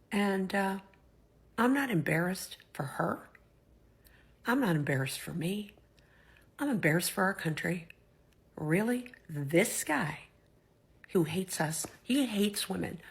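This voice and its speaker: A woman's voice: fairly low pitch, vocal fry, breathy edge. A woman in her sixties telling a personal story in an emphatic, indignant way. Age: 60s. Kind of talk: personal testimony.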